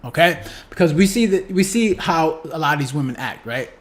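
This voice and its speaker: A man's voice: fairly high pitch, animated, fairly quick. A man giving casual reaction commentary on a clip, stumbling over repeated words and tagging "right?" onto his points. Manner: repeats words, restarts, keeps asking "right?".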